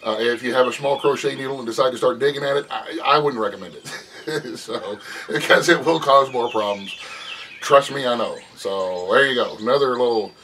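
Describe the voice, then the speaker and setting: A man's voice: mid-range voice, fairly quick, a bit bright, far from the mic. A middle-aged man chatting casually on his front porch, folksy and rambling, and he often laughs as he talks. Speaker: vlogger. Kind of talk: casual chat. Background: birds and passing traffic.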